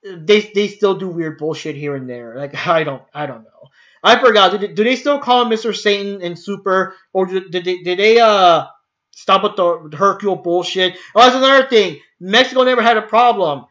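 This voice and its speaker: Bright-voiced man ranting on a stream. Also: high-pitched, moderate pace, dull audio. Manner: rambling, swearing, frequent fillers and restarts. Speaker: channel host. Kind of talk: casual livestream rant.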